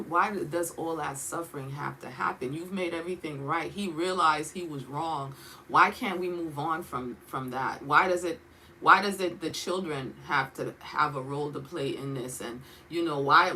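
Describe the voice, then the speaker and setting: Bright-voiced woman teaching the Bible casually. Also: sits low, slight background noise, low-quality recording. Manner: conversational, questioning, checks in with frequent "okay?".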